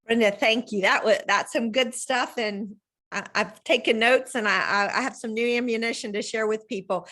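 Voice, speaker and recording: A woman, hosting a casual video-call chat from home and telling stories with lively, acted-out quotes. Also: moderate pace. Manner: animated storyteller, acts out quotes with big pitch jumps. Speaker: host.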